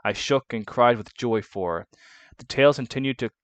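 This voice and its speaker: Man reads a woman consort telling her past; soft, subdued. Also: medium pitch, moderate pace, dry recording, natural voice. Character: woman consort recalling her hard youth.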